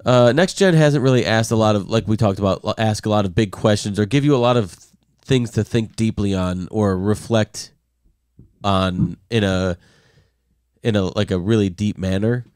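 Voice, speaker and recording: Male podcast co-host, lowish voice, thoughtful, dry close sound. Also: moderate pace, darkish tone, clean tone, no room sound. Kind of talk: casual chat.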